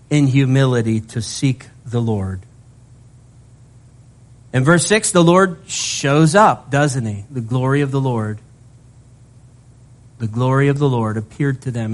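A male pastor preaching a sermon in an animated way, mixing scripture reading with humorous asides. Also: medium pitch.

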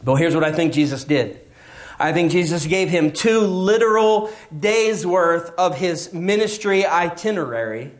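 Man, middle-aged, pastor, sermon, conversational, dramatic pitch swings, slightly high voice. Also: unhurried.

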